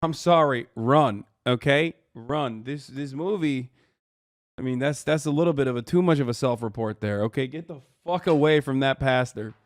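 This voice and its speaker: A man's voice: mid-range voice, normal speed, dry recording, clean studio sound. A man in his thirties who streams and reacts to a video, talking casually, bluntly and mockingly with a lot of slang. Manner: blunt, slangy, mocking, bursts into loud laughter.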